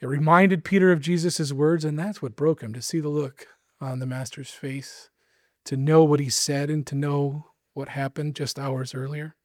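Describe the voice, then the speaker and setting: A man's voice: on the high side, fairly even intonation, normal speed, a little mellow, no echo, clean studio sound. A man preaching a sermon, earnest and emphatic, with casual asides to his listeners.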